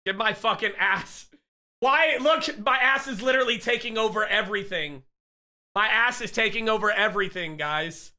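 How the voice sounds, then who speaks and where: A male streamer chatting casually with viewers during a live gaming stream, excitable and profane, joking around while feeling sick. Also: high voice, brisk.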